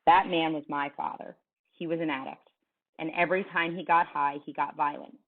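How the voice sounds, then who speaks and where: A woman's voice: sits low, steady tone, moderate pace. A woman reading aloud as a firm middle-aged male coach, blunt and somber. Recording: tinny phone-like sound.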